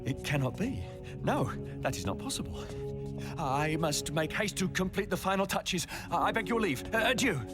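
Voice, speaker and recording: A man's voice: sits high, animated, normal speed, over loud music. An actor playing a sly, theatrical male servant of the villain with a British accent in a video game dub. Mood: alarmed.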